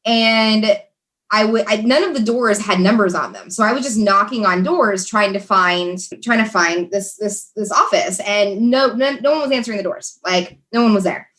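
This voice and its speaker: A woman's voice: medium pitch, normal speed, fairly bright tone. A young American woman, a podcast guest, telling a story in casual chat, laughing often and talking with many fillers and restarts. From USA.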